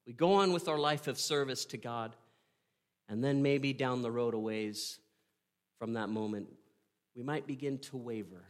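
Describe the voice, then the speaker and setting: A man preaching a sermon, retelling a story with earnest drama, pausing and asking "right?". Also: medium pitch. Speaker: pastor.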